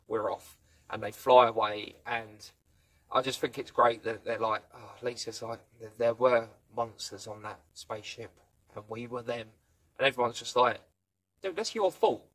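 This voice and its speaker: A man's voice: mid-range voice, fairly bright tone. Rambling man retelling a show. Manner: rambling retelling, playfully acting out quotes. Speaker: film and TV reviewer. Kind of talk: casual spoken review.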